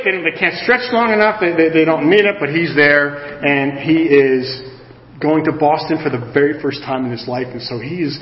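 A man in his sixties preaching a sermon, telling a personal story in an animated, self-mocking way. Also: a little high, brisk, background noise. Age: 60s. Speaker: pastor. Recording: roomy hall, dull lo-fi sound.

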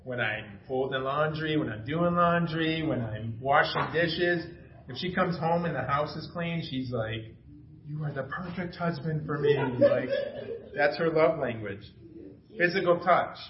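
A man's voice: on the high side, a little slow, noisy background. A middle-aged man preaching a casual, enthusiastic sermon, telling family stories with laughter. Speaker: pastor. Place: church sanctuary. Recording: echoey dull church recording.

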